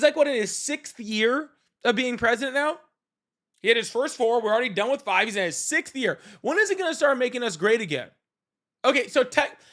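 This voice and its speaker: A man's voice: very high-pitched, a bit bright. A man hosting a live call-in debate stream, ranting casually in a sarcastic, mocking way and swearing freely. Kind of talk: casual livestream rant.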